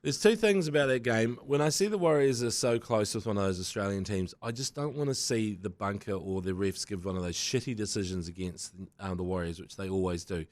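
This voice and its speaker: A New man on a podcast panel chatting casually about sport, animated and swearing, often breaking into quoted voices. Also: on the low side, a little fast, few pauses, dry recording.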